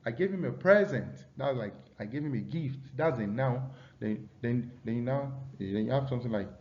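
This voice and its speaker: A man's voice: medium pitch, normal speed, lo-fi sound. A man teaching an English pronunciation lesson, often repeating himself and checking in with his students.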